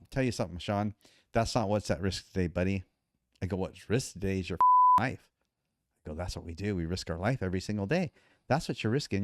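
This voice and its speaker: Animated low-voiced man telling a story. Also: smooth, no echo, clean studio sound. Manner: animated storyteller, acts out quoted dialogue. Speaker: podcast guest. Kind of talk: casual storytelling.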